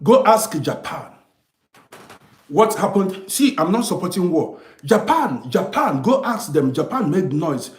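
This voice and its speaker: A man's voice: high voice, very animated, measured pace, roomy sound. A man lecturing his live viewers in a heated, emphatic, repetitive way. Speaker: live streamer reading comments.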